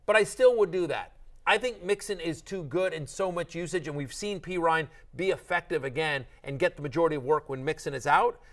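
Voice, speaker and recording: Lively joking male podcast host. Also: a little high. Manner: animated, joking, quick restarts. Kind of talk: casual podcast chat.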